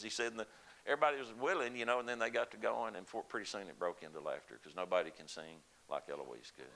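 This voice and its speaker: Poor audio captures a deep-voiced older man talking fast, his tone pushed and bright with vocal fry. As a lay speaker at a church service, he shares a personal story with the congregation, folksy and conversational, dropping in laughs and asides.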